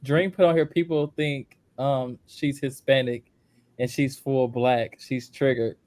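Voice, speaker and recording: A man on a casual podcast panel, talking in a relaxed way and laughing easily. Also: medium pitch, measured pace, dry recording.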